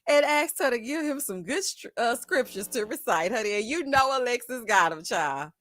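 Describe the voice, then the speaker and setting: A woman hosting a live stream, giving sassy, animated commentary and calling her viewers "honey" and "child". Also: a little high, normal speed, dry recording, studio quality. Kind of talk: casual reality-show commentary.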